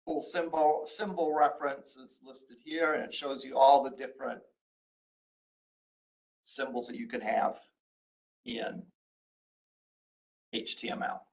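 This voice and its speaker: A man teaching a college web development class, walking through code step by step with frequent pauses and restarts. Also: medium pitch, fairly even intonation, rough recording. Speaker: college instructor. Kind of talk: recorded screen-share lecture.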